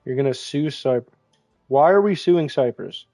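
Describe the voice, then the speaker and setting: A man's voice: mid-range voice, animated, measured pace, a little mellow, no room sound, faint music behind. A man streaming a tank game, casually chatting and joking while reading viewer messages aloud. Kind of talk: casual gaming livestream chat.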